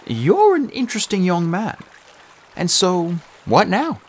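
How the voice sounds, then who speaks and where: A man voicing a sly, smooth-talking male god in a put-on mixed British and Australian accent for an audiobook. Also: high-pitched, wildly swooping pitch, measured pace, pitched above the performer's own voice, heavily acted. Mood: breezy. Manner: breezy, teasing. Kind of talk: audiobook reading.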